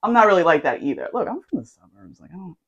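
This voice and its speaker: A woman hosting a casual chat, telling stories in an animated way with lots of fillers. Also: fairly low pitch, racing, husky, lo-fi sound. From United States. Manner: animated storytelling with frequent fillers. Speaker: host.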